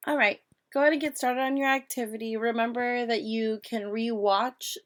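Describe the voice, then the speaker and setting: A woman's voice: a little high, steady tone, normal speed, poor audio. A woman teacher giving a remote reading lesson to young children, patient and step-by-step, often checking in with "right?".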